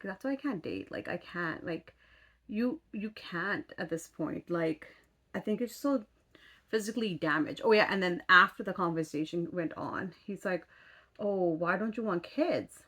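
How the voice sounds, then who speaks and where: A woman's voice: on the low side, fairly bright tone. A woman in her thirties telling a story in casual chat as a vlogger, exasperated, swearing casually and full of fillers. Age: 30s.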